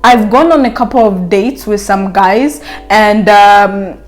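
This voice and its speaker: A woman's voice: medium pitch, slow, soft background music. A woman vlogger giving casual dating advice straight to her viewers in a playful, teasing way. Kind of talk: casual advice chat to camera.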